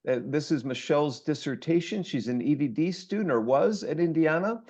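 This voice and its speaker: A man's voice: a little high, lively intonation, normal speed, darkish tone. A man hosting an online class as instructor, introducing guests in a rambling way with many fillers and restarts. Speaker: course instructor and host. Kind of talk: casual online class talk.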